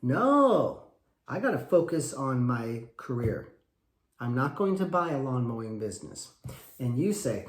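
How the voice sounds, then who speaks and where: A man's voice: medium pitch, big pitch swings, measured pace, echoey room. A man, a wrestling coach, giving emphatic advice and acting out short parent talks. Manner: acts out little parent dialogues, emphatic and repetitive. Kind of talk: animated coaching talk.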